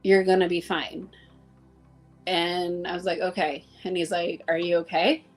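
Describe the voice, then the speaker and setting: A woman's voice: on the low side, flat delivery, a little slow, faint music behind. A woman guest in a casual conversation, telling heartfelt stories about coworkers, acting out the dialogue and using plenty of "like.". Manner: heartfelt storytelling, acting out dialogue, many "like" fillers. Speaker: interview guest.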